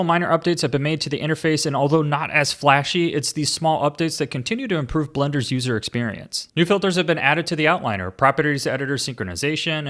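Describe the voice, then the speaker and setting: A man hosting a scripted software update overview, with joking asides. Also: a little high. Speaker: tech video host.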